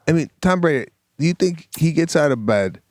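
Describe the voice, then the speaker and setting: A middle-aged man co-hosting a comedy podcast, telling animated stories about his family in a casual chat. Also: fairly high pitch, no echo, studio quality. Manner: animated storytelling, acts out family members.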